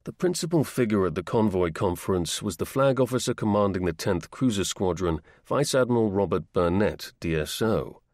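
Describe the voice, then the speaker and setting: A man reading a history audiobook in a measured, steady narrating voice. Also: on the low side, no room sound, studio quality. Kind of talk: scripted narration.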